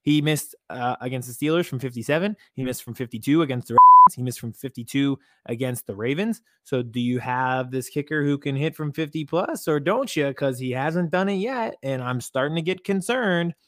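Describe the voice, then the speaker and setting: A man co-hosting a casual sports podcast, talking in an animated, emphatic way. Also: a little high, no room sound, studio quality. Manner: animated, emphatic, catchphrase-prone. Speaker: podcast co-host.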